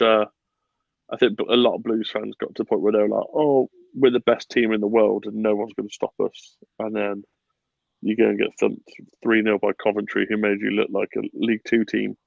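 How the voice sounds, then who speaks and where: A man hosting a casual football podcast, animated and swearing freely, with bursts of laughter. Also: fairly low pitch, normal speed, gravelly, no echo, narrow, tinny audio. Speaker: podcast host.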